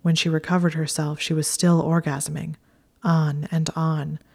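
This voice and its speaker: A woman reading a story aloud in a soft, hushed, steady whisper. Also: sits low, normal speed, creaky. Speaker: narrator.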